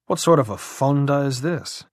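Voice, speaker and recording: A man's voice: mid-range voice, lively intonation, normal speed, no echo, studio quality, voice pushed up, lightly acted. A man voicing a brusque older army colonel who talks in clipped, blunt commands with a dusty, throaty voice.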